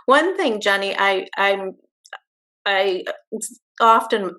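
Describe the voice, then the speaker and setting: A woman hosting a webinar discussion as bereavement manager, thoughtful and halting, often restarting her sentences. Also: mid-range voice, animated, pushed and bright.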